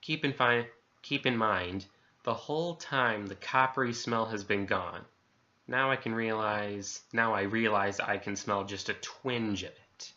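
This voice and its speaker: A man's voice: fairly low pitch, unhurried, sharp tone. A man reading a first-person horror story aloud, with mild stand-ins for swear words and some stumbles and restarts. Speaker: story reader. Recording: dull lo-fi sound.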